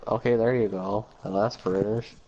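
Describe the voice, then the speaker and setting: A man's voice: lowish voice, steady tone, moderate pace, mellow. A man hosting a casual gaming livestream, laid-back and laughing often, reading chat aloud. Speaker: streamer host. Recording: dull lo-fi stream audio with faint noise.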